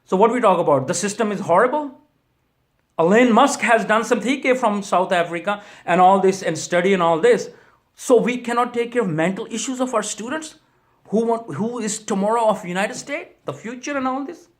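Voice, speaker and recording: A man's voice: high voice, fairly quick. A man, a church minister, giving an impassioned video message that pleads with repeated rhetorical questions and closes in prayer.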